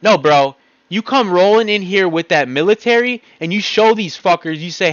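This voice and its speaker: A man's voice: sits high, animated, normal speed, a bit bright, dry recording. Agitated man ranting, lo-fi dry recording. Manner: blunt, agitated, heavy swearing. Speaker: vlogger. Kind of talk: ranting monologue. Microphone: home computer mic.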